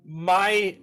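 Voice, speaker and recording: A man's voice: high voice, sharp tone, clean tone, voice pushed up, full character voice. A man voicing a pretty young woman in distress who pleads for help.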